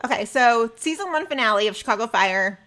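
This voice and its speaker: A woman's voice: a little high, animated, a little fast, fairly bright tone. A young woman co-hosting a fan podcast, chatting casually and gushing with enthusiasm. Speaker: podcast co-host.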